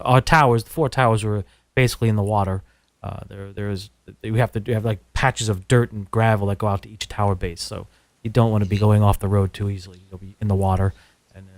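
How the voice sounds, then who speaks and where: A man's voice: medium pitch, no echo. Wry man on a dry mic. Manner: wry, tangents, frequent ums. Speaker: radio engineer, co-host. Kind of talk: casual chat.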